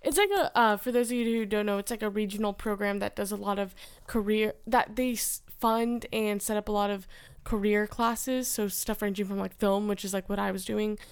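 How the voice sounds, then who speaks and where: A woman's voice: medium pitch, steady tone, fairly quick, clean tone, dry recording. A teenage girl co-hosting a podcast, talking casually and upbeat with many fillers. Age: teens. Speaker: podcast co-host.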